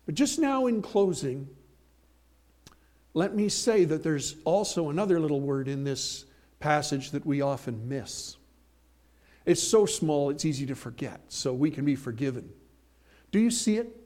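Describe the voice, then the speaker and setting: A man preaching a sermon, emphatic, slowing and swelling on key phrases, with folksy asides and homely examples. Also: on the high side, expressive, a little mellow. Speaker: pastor.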